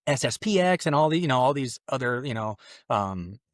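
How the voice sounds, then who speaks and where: A man's voice: very animated, brisk, no room sound, clean studio sound. A man from Mexico, a podcast guest telling his conversion story in a rambling, earnest way full of restarts. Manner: acts out his own past exclamations in a louder, higher voice. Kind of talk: personal conversion testimony in conversation.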